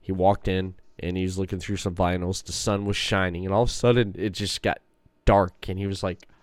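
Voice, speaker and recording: In clean, echo-free studio audio, a male podcast host chats casually, telling meandering stories and laughing a lot. His low voice stays level in tone, moves a little fast, and sounds clean.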